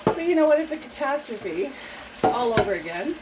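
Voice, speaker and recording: A woman's voice: a little high, big pitch swings, a little fast, very noisy. A middle-aged woman chatting casually and encouragingly while she cleans at home, laughing often. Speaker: cleaning vlogger. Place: home kitchen at the sink. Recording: loud dishes and running water. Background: clattering dishes, pots and running water.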